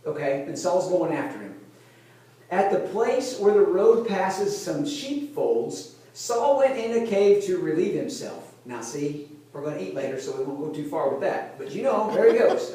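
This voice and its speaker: A male pastor preaching a conversational sermon, retelling a Bible story like a lively storyteller who keeps checking in with his listeners. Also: high-pitched. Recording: very echoey room, voice from a distance.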